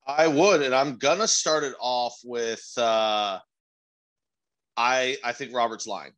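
A man's voice: medium pitch, slow pace, fairly bright tone, low-quality recording. A young man co-hosting a podcast, telling stories animatedly with exasperated, profane asides. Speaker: podcast co-host. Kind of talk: casual podcast banter.

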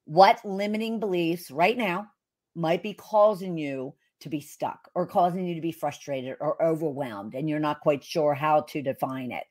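A woman's voice: low-pitched, moderate pace, a little mellow. A woman hosting an interview podcast, introducing her guest with effusive enthusiasm. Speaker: podcast host.

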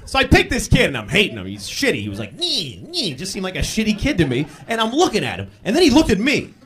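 A man performing a stand-up comedy routine, telling exasperated stories and bursting into shouted acted-out lines. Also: high voice, wildly swooping pitch, quick pace. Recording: live club with laughing crowd.

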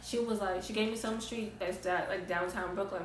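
A woman's voice: mid-range voice, normal speed. Young woman, slangy casual storytime, distant mic, faint room hum. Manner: casual, slangy, animated retelling. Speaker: vlogger. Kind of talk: storytime vlog. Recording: roomy echo, distant mic.

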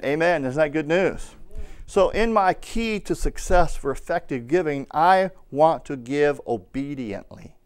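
Smooth-voiced male preacher. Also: fairly high pitch, animated, normal speed. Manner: storytelling preacher, rising to loud calls of amen. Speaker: pastor. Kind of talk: sermon.

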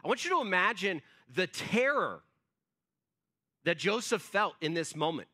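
Brief: man preaching in church, high and bright voice, chatty storyteller who leans on fillers. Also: sing-song, moderate pace, slightly rough. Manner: conversational storytelling, acts out quotes, frequent fillers. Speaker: pastor. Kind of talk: sermon.

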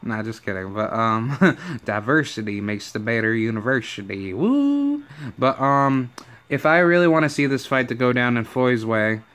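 A young man giving excitable, profane, rambling vlog commentary full of fillers. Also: mid-range voice, normal speed, clear, resonant tone. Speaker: YouTuber.

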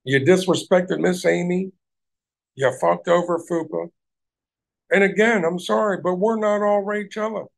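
A man's voice: high voice, fairly even intonation, a little slow, creaky. A man hosting a livestream, ranting heatedly at people in his chat and swearing heavily. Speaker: livestream host.

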